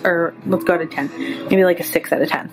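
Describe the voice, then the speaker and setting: A woman's voice: on the low side, steady tone, a little fast, low-quality recording. Chatty young woman in a fitting room. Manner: candid, chatty, blunt opinions on fit. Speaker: fashion vlogger. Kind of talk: casual try-on haul chat. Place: store fitting room, later inside a car. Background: background music.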